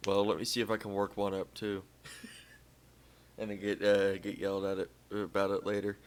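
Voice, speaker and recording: A man's voice: on the low side, completely flat delivery, moderate pace, slight background noise. A man hosting a casual podcast chat, laughing often and joking loosely. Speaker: podcast host.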